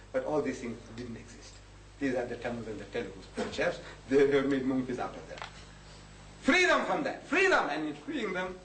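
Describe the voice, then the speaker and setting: A man giving a lecture in a mocking, animated way, acting out the people in his stories. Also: high-pitched. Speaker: public lecturer. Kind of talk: lecture with acted-out anecdotes. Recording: echoey hall, distant mic, faint hiss.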